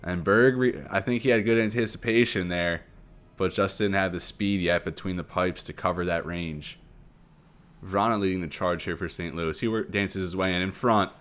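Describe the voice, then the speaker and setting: A low-pitched man commentates a hockey video game in play-by-play style. He talks through the action quickly and surges in excitement when goals go in. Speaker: gaming commentator.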